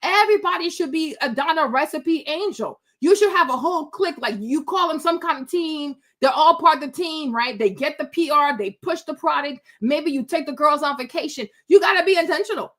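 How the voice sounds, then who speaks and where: A woman with a high voice rants bluntly about business and work ethic, talking straight to her viewers. Her delivery is animated and loose, packed with "you know" and restarts. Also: a little fast, hardly any pauses. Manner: blunt, animated, many fillers and repeats. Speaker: commentator on a live stream. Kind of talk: casual opinion rant, replying to chat.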